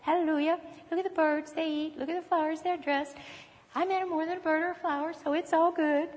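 A woman's voice: very high-pitched, fairly even intonation, brisk, in a large hall. A woman putting on a silly, singsong, mock-pious voice as a glib churchgoer who brushes off real worries.

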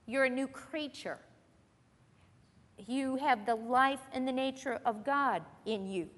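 A woman's voice: sits high, takes it slowly, a bit bright. A woman teaching a church Bible lesson to a group, earnest and conversational, posing questions to her listeners. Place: church meeting room with an audience. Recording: long reverb of a hall.

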